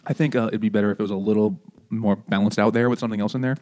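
A man's voice: lowish voice, fairly even intonation, racing, a little mellow. A man co-hosting a casual podcast, joking and laughing often while talking about a book over beers. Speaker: podcast co-host. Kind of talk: casual beer-drinking book chat.

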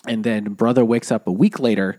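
A man's voice: lowish voice, fairly even intonation, brisk, warm tone. A man co-hosting a casual book club podcast, retelling a story with lots of fillers and restarts. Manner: rambling plot summary with many fillers. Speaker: podcast co-host.

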